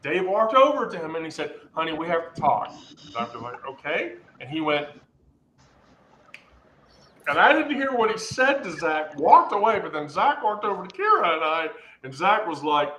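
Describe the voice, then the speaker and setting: A man telling a rambling, animated story in casual chat, full of restarts and fillers. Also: high voice, normal speed, a little hiss or hum. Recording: echoey room.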